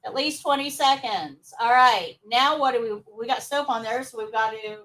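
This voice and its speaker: A woman's voice: on the high side, moderate pace, a bit bright, distant mic, rough recording. A woman teaching nursing assistant students in a live class, upbeat and coaxing answers from them.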